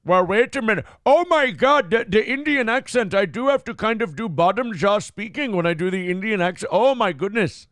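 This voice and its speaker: A man's voice: high voice, animated, brisk, hardly any pauses, no room sound. A man co-hosting a morning show, in casual comedic commentary, crude and mocking. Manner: crude, mocking, jumps into loud impressions.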